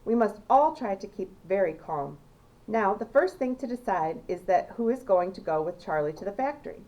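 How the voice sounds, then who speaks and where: A woman reading aloud, voicing a sensible, caring mother who speaks in a soothing, measured way. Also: mid-range voice, animated, dark tone, lightly acted, low-quality recording. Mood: calm.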